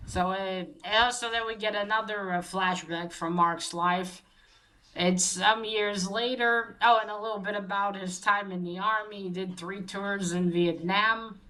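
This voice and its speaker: A woman casually recapping a comic book plot, halting with many fillers and restarts. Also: mid-range voice, fairly even intonation, pushed and bright, low-quality recording.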